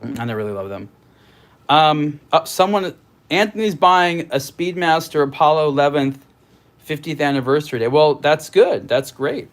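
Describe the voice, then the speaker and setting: A man's voice: a little high, expressive, normal speed. A middle-aged man hosting a casual livestream from home, reading viewer comments and rambling as he thinks aloud, with many restarts. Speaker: host.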